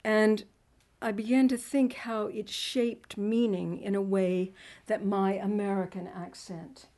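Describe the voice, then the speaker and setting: Woman poet from Texas, mid-pitched, unhurried and halting, introducing her work at a reading. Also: little pitch movement, warm tone. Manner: hesitant, many ums and pauses.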